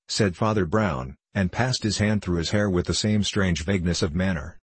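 A man narrating a story in steady, measured audiobook style. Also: low-pitched, husky, no echo. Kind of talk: scripted narration.

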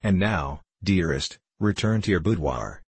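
A man's voice: sits low, animated, unhurried, breathy edge, no room sound, exaggerated voice. A man voicing an intense, obsessed male scientist who speaks impetuously in old-fashioned words, in an audiobook reading. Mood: earnest.

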